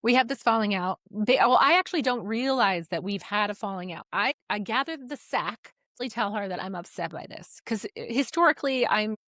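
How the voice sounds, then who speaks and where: A woman, co-hosting a podcast and telling a story in a relaxed, candid way, acting out the dialogue and swearing casually. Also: medium pitch, brisk, few pauses, dry recording, clean studio sound. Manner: animated retelling, acts out quoted dialogue, swears casually. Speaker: podcast co-host.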